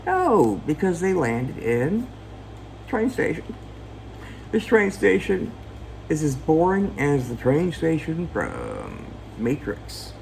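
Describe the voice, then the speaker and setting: A man's voice: a little high, wildly swooping pitch, slow pace, creaky, a little mellow, a little hiss or hum, low-quality recording. A man giving a casual, jokey, profane film recap, acting out characters and sound effects. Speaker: film reviewer.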